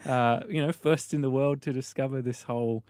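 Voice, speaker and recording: A man's voice: medium pitch, fairly even intonation, a little fast, darkish tone, dry recording. A young man hosting a radio show in a studio, chatting casually, often repeating words and laughing easily. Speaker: radio host. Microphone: studio microphone.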